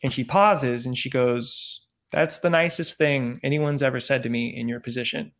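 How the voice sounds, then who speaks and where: A man, a podcast guest, casually telling an animated story and acting out the dialogue, peppered with "like" and "I go". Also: mid-range voice, moderate pace. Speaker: podcast guest, former celebrity news field producer.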